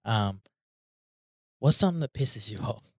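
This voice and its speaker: A man's voice: lowish voice, expressive, a little slow, slightly rough. Supportive male podcast host, dry sound. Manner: supportive, echoes the guest, swears casually. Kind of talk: casual conversation.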